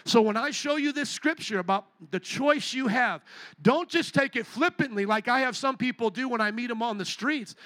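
A man's voice: very high-pitched, normal speed, pushed and bright, dry recording. A male pastor preaching a sermon from a stage with a handheld microphone, fervently firing rhetorical questions at the congregation. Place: stage in a large building.

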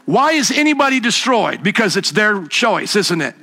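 A man preaching a sermon to a congregation, emphatic and animated, sometimes mimicking scoffers in a high, mocking voice. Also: brisk, vocal fry, hardly any pauses. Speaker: pastor.

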